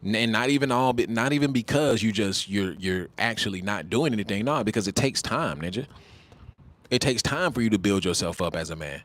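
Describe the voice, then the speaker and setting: A man's voice: fairly low pitch, expressive, a little fast, a bit bright. A man in his twenties hosting a casual livestream, talking bluntly with mocking, slangy banter and repeated phrases. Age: 20s. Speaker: livestream host.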